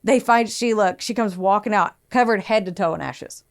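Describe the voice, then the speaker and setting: A woman's voice: mid-range voice, normal speed. A young adult woman co-hosting a podcast, telling a true crime story in casual chat, acting out quotes in raised voices and swearing freely.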